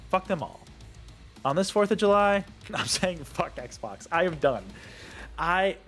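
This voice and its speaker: A young man in the middle of an angry rant, swearing freely. His voice swings wildly up and down in pitch as he gets worked up. Faint music plays underneath. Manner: heated, profane, lively swings in pitch. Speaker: gaming video creator.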